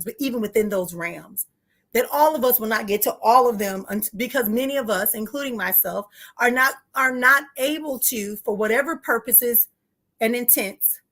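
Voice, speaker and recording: A woman with a somewhat high, slightly bright voice leads a live spiritual teaching, addressing her listeners directly and informally. She hammers her points home by repeating key phrases, growing heated and speeding up as she goes.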